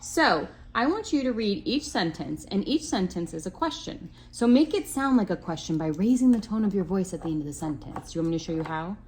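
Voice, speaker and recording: A woman's voice: medium pitch, animated, fairly quick, few pauses, a little mellow. A young woman teaching her child at home, patient and full of praise, now and then talking to the viewers. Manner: encouraging, patient, lots of praise. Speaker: homeschooling mother. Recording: faint background noise.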